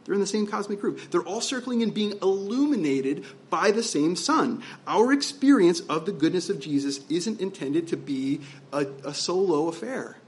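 A man's voice: high voice, expressive, normal speed, a little mellow. A man preaching as pastor, conversational and emphatic, asking his listeners rhetorical questions. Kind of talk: sermon.

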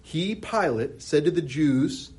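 Husky, animated male preacher. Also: on the high side, slow pace. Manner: animated, rhetorical questions, frequent restarts. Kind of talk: expository sermon.

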